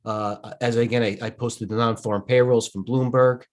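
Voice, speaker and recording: A man's voice: mid-range voice, level tone, moderate pace. A middle-aged man hosting a live trading stream, a little tired and rambling as he thinks aloud and interrupts himself. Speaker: stock trading host.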